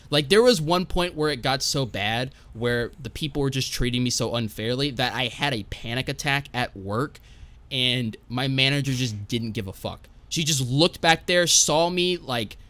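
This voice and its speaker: A man's voice: mid-range voice, normal speed, pushed and bright. Young man swearing through a rambling story. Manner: profane, rambling, tags lines with "right?". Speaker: podcast guest. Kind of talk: casual storytelling on a podcast.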